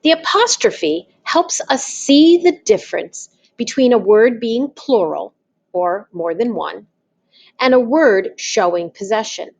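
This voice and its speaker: A woman's voice: on the high side, lively intonation, takes it slowly, vocal fry, dull audio. A woman teaching, talking patiently and spelling things out step by step. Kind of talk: slow, deliberate classroom explanation.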